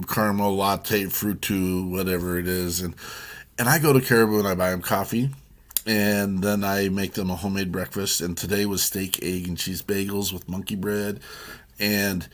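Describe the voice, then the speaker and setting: A man co-hosting a casual chat show, telling a long story with many restarts. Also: sits low. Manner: rambling, warm storytelling with restarts. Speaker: co-host.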